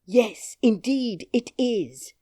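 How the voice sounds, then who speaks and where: A woman's voice: a little high, animated, very slow, dark tone, pitched above the performer's own voice, exaggerated voice. A woman voicing a fussy, fretful nursemaid who scolds indignantly and near tears.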